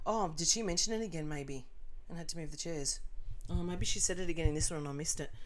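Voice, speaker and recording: A woman's voice: low-pitched, quick pace. A woman host reading viewer comments aloud and reacting with blunt, sarcastic, profane remarks. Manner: sarcastic, blunt, swears freely.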